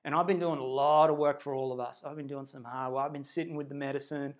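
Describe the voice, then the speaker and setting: A man giving a livestreamed spiritual pep talk into a phone camera, earnest and rambling, swinging between hushed and loud, blunt and casually profane. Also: mid-range voice, steady tone, fast talker. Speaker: spiritual self-help speaker.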